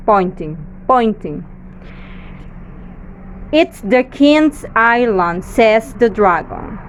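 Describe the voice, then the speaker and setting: A woman teacher reading a storybook aloud to children, slow and expressive, with frequent delighted exclamations. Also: mid-range voice, a little hiss or hum, rough recording.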